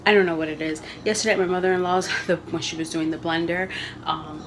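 A young woman vlogging from her home kitchen, rambling and thinking out loud as she talks about her family day. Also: fairly low pitch, fairly even intonation, fast talker, noisy background. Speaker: vlogger, mother. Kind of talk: casual home vlog chat.

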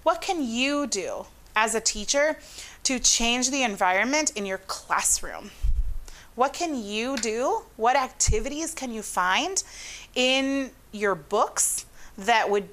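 A woman's voice: a little high, animated, a little slow, fairly bright tone. A woman from Honduras, a psychologist guest speaking expressively in an interview with emphatic, varied intonation. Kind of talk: interview conversation.

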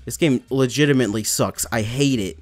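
A man's voice: mid-range voice, brisk, darkish tone, faint music behind. A young man giving let's play commentary, frustrated and swearing as he rants about the game. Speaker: gamer.

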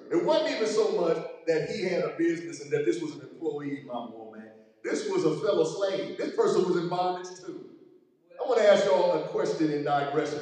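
Male pastor preaching, calling out to folks in the pews, warm low tone, mic far off. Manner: preaching with asides and call-outs to congregation members. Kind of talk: sermon with scripture reading. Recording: echoey hall, mic far off.

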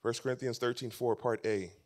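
A male pastor preaching a sermon at a church camp meeting, swinging from loud emphasis to hushed near-whispers and repeating his key phrases. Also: mid-range voice, fairly even intonation, brisk.

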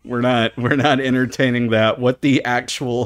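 A man's voice: medium pitch, flat delivery, moderate pace, few pauses, no room sound, clean studio sound. A man commenting casually while he plays a game, stammering, swearing and reacting with disgust. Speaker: streamer playing a game. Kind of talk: casual live gameplay commentary.

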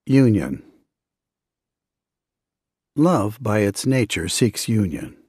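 A man reads a devotional book aloud in the first person, in a measured, earnest way. His voice sits low and a little husky. The sound is dry and close, with no room around it. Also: animated, a little mellow, no room sound. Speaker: audiobook narrator.

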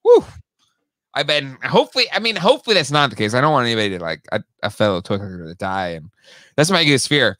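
A man co-hosting a toy podcast in casual chat, excitable and quick to laugh. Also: medium pitch, no echo, clean studio sound. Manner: excitable, animated, laughs often.

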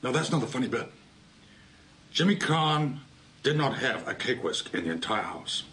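An actor playing a petty, resentful middle-aged man who builds slowly to a furious punchline in a comedy sketch. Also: medium pitch, very animated, a bit bright, a little hiss or hum. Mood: aggrieved.

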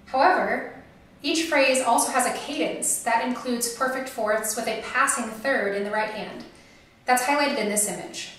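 Young woman lecturer, measured and explanatory, raised pitch, echoey room. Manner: measured, explanatory delivery with occasional fillers. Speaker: lecturer and soprano. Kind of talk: academic lecture recital. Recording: roomy echo.

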